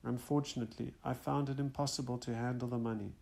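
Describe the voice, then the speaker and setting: A gentle spirit mother explains herself ruefully to her son, read by a man. The voice is gravelly and plain in pitch. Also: fairly even intonation, fast, close to an everyday voice.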